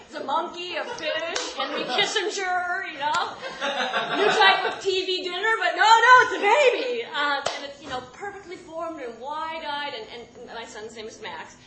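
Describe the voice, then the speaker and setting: A woman telling a personal story live, animated and often laughing mid-sentence as she restarts her words. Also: sits high, normal speed, a crowd in the background. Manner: animated, self-interrupting, laughing through lines. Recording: echoey room with background noise.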